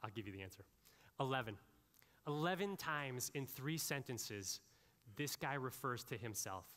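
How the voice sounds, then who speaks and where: Bright-voiced pastor preaching in a reverberant hall. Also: male voice, medium pitch, normal speed. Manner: animated, conversational preaching with asides to the congregation. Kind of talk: sermon.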